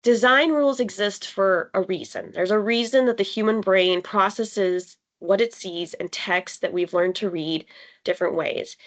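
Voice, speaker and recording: A woman leading a live online design workshop, explaining ideas in a conversational way with fillers and pauses for emphasis. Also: mid-range voice. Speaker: workshop facilitator. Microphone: video call.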